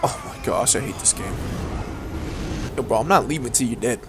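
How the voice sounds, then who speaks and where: A young man giving casual, excitable, slangy commentary while playing a game, talking straight to the enemies he fights. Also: mid-range voice, moderate pace, vocal fry, a little hiss or hum. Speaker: gaming video creator. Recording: voice over game music.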